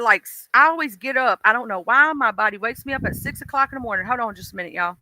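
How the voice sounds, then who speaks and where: A woman's voice: a little high, expressive, quick pace, hardly any pauses, pushed and bright, no echo. A woman with a mixed Southern accent, chatting casually on a live stream and talking straight to her viewers in a folksy way.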